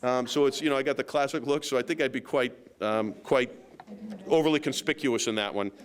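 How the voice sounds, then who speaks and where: A man's voice: mid-range voice, a little fast, clear, resonant tone. A man, a county sheriff telling a story to a local meeting in a loose, rambling way with many restarts and a self-deprecating humor.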